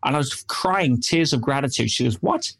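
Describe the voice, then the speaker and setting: A man's voice: medium pitch, a little fast, a bit bright. A man speaking as an interview guest, telling stories animatedly and dropping in frequent "yeah"s and "you know"s. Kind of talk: interview storytelling.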